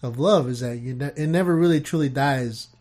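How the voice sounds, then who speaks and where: A man's voice: medium pitch, fairly quick, a little mellow. A man in his thirties, co-hosting a podcast, telling family stories in a loose way with swearing. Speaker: podcast co-host. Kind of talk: casual chat.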